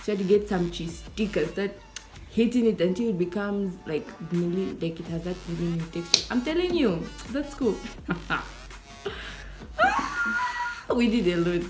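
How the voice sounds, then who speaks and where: A young woman with a Zambian accent tells a casual storytime in a slightly low register. She keeps it animated and chatty, slipping into the voices of the people she quotes, with faint music playing behind her. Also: brisk. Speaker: YouTuber.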